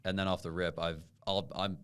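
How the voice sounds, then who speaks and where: A man's voice: low voice, moderate pace, clean tone. A young man co-hosting a podcast in casual chat, swearing often and acting out quotes as he tells stories. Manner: animated storyteller, swears often, acts out quotes. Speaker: podcast co-host.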